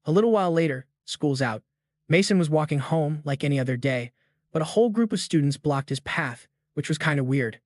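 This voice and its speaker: A man's voice: on the high side, lively intonation, fairly quick, dry recording, clean studio sound. A man narrating a story recap in a scripted, slang-heavy style with jokey asides.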